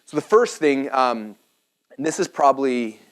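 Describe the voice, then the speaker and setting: A man's voice: mid-range voice, lively intonation, moderate pace, clear, resonant tone. A man in his thirties giving a live seminar talk to a room, casual and full of "like" and restarts. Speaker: seminar presenter.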